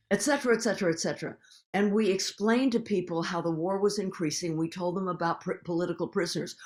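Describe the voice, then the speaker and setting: An older woman, a guest activist in a recorded public conversation, telling stories in an animated, emphatic way. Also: on the low side.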